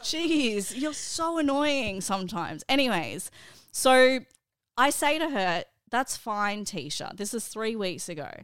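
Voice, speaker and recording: A woman's voice: a little high, slow pace, clear, resonant tone, no room sound, clean studio sound. A woman, co-hosting a chatty podcast and telling a story with exasperated, swearing energy. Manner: animated, exasperated, swears, laughs often. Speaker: podcast co-host and mother. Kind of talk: casual chat, storytelling.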